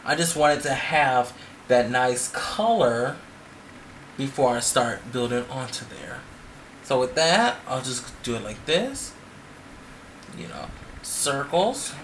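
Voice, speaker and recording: Drag performer man, makeup vlogger; playful chatter, a bright voice, mid pitch, faint hiss behind. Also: lively intonation, slow pace, long pauses. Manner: chatty and playful, with sassy asides. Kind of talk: casual makeup tutorial.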